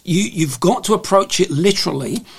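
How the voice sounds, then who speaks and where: A man with a slightly high, gravelly and husky voice talks through a faith topic as a guest. He is halting, often restarting and filling gaps as he goes. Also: animated. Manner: hesitant, with many restarts and fillers. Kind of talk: conversational faith discussion.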